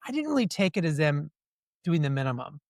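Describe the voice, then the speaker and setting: A man answering interview questions in a lively storytelling way, often slipping into quoted dialogue. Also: fairly high pitch, brisk, gravelly, no room sound, clean studio sound. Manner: animated storyteller who acts out quoted dialogue. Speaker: guest.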